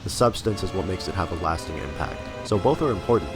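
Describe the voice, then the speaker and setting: A man's voice: low voice, animated, quick pace. A young man casually commenting over a video game he is playing, laughing often and swearing freely. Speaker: let's play commentator. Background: game music.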